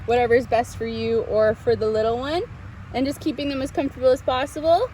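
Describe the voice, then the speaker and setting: A woman's voice: fairly high pitch, fairly even intonation, a little fast, darkish tone, slight background noise. A young woman, a swim instructor, giving tips to parents at a pool, switching into sing-song baby talk. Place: swimming pool.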